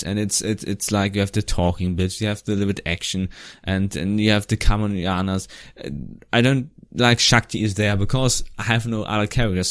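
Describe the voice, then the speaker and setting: A man with a fairly low voice chats loosely over footage of his own old project. His talk wanders, with plenty of restarts and the odd laugh. The sound is dry and close, with no room around it. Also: no room sound. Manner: rambling, restarts often, laughs now and then. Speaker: vlogger. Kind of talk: casual commentary over his old video.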